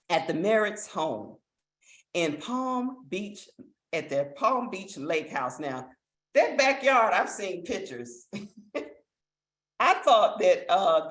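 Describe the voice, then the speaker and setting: A woman hosting a live online business opportunity meeting, giving an enthusiastic sales pitch that urges listeners to act, heard over a video call. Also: roomy sound. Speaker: network marketing meeting host.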